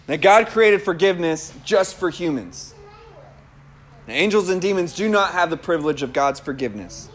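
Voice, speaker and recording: A man preaching a sermon and telling personal testimony in an animated way, laughing often. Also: high voice.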